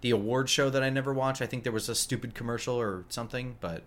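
A man's voice: mid-range voice, fairly even intonation, quick pace. A man with a light New Jersey accent, co-hosting a sports podcast in casual, wry chat. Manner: wry, joking. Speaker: podcast co-host.

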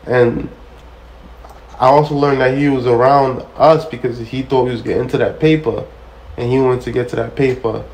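A man's voice: medium pitch, fairly even intonation, moderate pace, a little mellow, rough recording. A man hosting a ministry show, talking casually and preacher-like, repeating phrases for emphasis and acting out quoted conversations as he tells stories. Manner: storytelling that acts out quoted dialogue. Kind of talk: casual spoken testimony.

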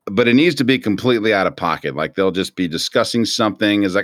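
A man's voice: on the low side, animated, fast, fairly bright tone, no room sound, studio quality. A man co-hosting a podcast, laughing often and trading crude jokes in casual banter. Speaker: podcast co-host.

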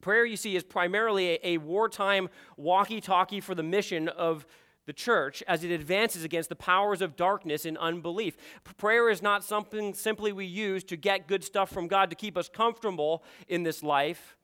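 A man's voice: high voice, moderate pace, sharp tone, clean tone. A man preaching a sermon to his congregation in an earnest, emphatic way, often repeating "you see". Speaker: pastor.

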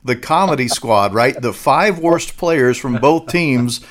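A man's voice: mid-range voice, slow pace, a little hiss or hum. A man co-hosting an interview, jumping in with enthusiastic comments. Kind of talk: casual interview.

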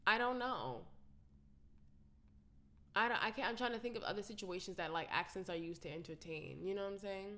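A woman's voice: medium pitch, a little fast, long pauses, sharp tone. Young woman just chatting, lots of "like", swears a bit, mid voice. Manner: rambling, many "like"s, blunt with swearing. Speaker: podcast co-host. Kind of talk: casual chat.

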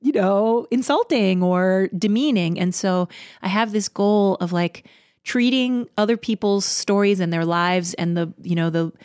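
A woman playwright and performer in a casual interview, animated, with frequent laughs and quick asides. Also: lowish voice, clear, resonant tone, no echo, studio quality.

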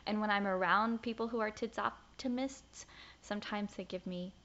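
A young woman from the American South with a faint Southern accent, co-hosting a podcast in casual, animated chat full of fillers. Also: medium pitch, normal speed. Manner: chatty, animated storyteller with many fillers. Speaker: podcast co-host. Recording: dull, lo-fi podcast audio.

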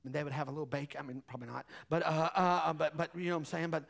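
A middle-aged man preaching a sermon, telling stories in an animated way with laughs and acted-out voices. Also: a little high, rapid-fire, gravelly. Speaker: pastor.

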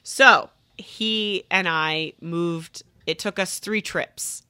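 A woman's voice: lowish voice, very slow, bright, forceful tone, clean tone, no room sound. A woman from Pennsylvania telling a personal story as a guest on a comedy podcast, chatty and laughing, with lots of fillers. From Pennsylvania, USA.

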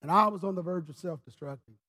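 A pastor preaching a sermon in church, telling his story with passion, dropping low and then rising to shouts. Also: fast talker, breathy edge. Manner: impassioned storyteller, swinging from quiet to shouting.

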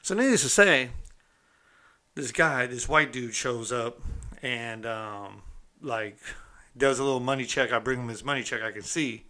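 Man, bright forceful voice, streetwise storyteller, casual and conversational, keeps asking "right?". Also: mid-range voice, measured pace, long pauses. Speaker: storyteller recounting his own past. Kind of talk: casual first-person storytelling.

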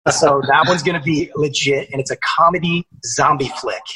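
A man's voice: on the high side, normal speed, bright, forceful tone, poor audio. A young man guesting on a podcast, chatting casually and energetically, swearing and using lots of fillers. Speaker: actor guest.

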